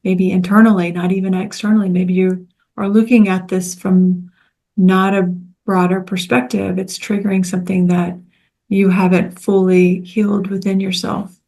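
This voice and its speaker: Soft-spoken woman walking a group thru steps, flat even tone, gentle. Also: mid-range voice, normal speed. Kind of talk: guided teaching talk.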